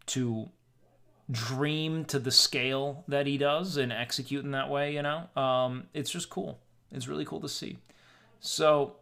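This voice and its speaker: A young man talks casually on a live stream, rambling and profane as he spins a story. His voice is gravelly with a lot of creak. His pitch sits in an ordinary middle range. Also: fairly bright tone.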